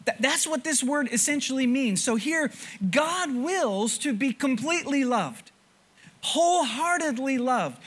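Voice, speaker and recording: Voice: sits high, measured pace. Preacher in a church, sermon delivery, voice that rises and falls a lot, stumbles and restarts words, keeps asking the room questions. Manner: animated, stammering restarts, rhetorical questions to the congregation. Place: church before a congregation.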